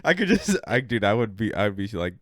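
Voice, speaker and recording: A man co-hosting a podcast, reacting in casual chat with expressive, laughing responses. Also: on the low side, fast talker.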